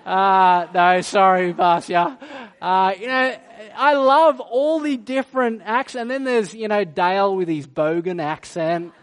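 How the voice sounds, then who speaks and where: Animated man preaching a sermon. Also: high voice, unhurried, few pauses. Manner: animated, playful storytelling that turns quiet and solemn in prayer. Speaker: pastor. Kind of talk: sermon and prayer.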